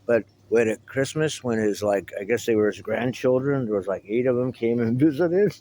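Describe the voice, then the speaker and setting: Middle-aged man, casual vlog monologue, meandering and wry, mid-pitched voice, faint background hiss. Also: normal speed, few pauses, mellow, rough recording. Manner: meandering, reminiscing, wry asides. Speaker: vlogger. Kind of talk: casual rambling monologue to camera.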